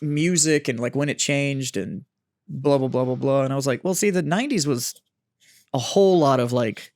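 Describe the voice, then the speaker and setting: A man's voice: mid-range voice, moderate pace, darkish tone, dry recording, clean studio sound. A man co-hosting a podcast, telling rambling, profane stories with lots of fillers. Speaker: podcast co-host. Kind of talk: casual chat.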